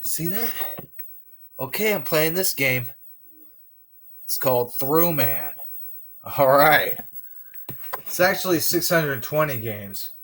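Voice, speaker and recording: A young man from the US rambles to his viewers from his bedroom, unhurried and slow. His pitch sits in a plain middle range, and he talks in a loose, chatty way. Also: lively intonation, fairly bright tone. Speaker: vlogger. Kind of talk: casual home vlog, gameplay chat.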